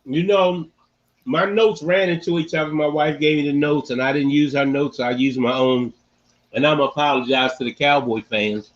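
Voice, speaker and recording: A man hosting a casual sports-talk podcast, animated and repeating phrases for emphasis. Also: on the high side, normal speed, lo-fi sound. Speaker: podcast host.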